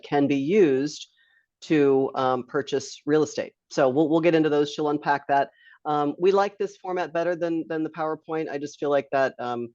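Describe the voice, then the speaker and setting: A woman's voice: a bass voice, a little mellow, no echo. Webinar host, woman, chatty and loose with laughing asides; dry, muffled video-call sound. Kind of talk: casual live webinar hosting. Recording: dull lo-fi dry online stream.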